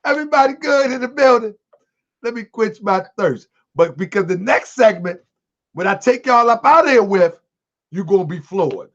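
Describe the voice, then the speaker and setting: A man hosting an online livestream, commenting to his viewers in a preachy, animated way. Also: sits high, moderate pace. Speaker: host of an online show. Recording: dull lo-fi sound.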